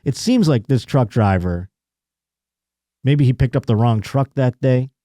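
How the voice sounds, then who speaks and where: A man's voice: mid-range voice, expressive, unhurried, dark tone, no room sound, studio quality. A man hosting a comedy podcast, reading news stories aloud and riffing on them with crude, sarcastic jokes. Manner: crude, sarcastic riffing between read-out articles. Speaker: podcast host.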